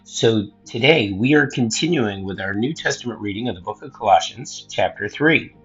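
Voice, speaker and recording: A man with a fairly low, husky voice reads scripture aloud in a measured, earnest way, breaking off for casual asides to his listeners. The recording sounds dull and lo-fi, with faint music underneath. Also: lively intonation, fairly bright tone. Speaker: host and scripture reader. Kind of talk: scripture reading and word study.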